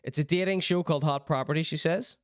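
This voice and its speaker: A man hosts a casual livestream, working himself into theatrical, mock-outraged rants. His voice is smooth and resonant, sitting a little high for a man. It is recorded close and dry. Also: fast talker, no room sound. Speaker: streaming show host.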